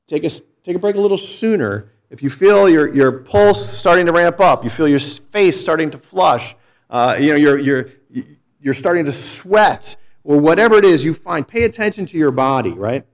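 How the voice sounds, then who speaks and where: A man's voice: on the high side, animated, normal speed. A middle-aged man, a pastor, preaching a sermon in a conversational, storytelling way with frequent restarts.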